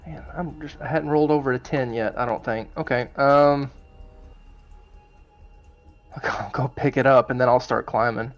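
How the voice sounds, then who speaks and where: A man playing in a tabletop game, easygoing and halting, on a dull lo-fi mic. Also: mid-range voice, steady tone, faint music behind. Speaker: player. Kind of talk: casual tabletop play.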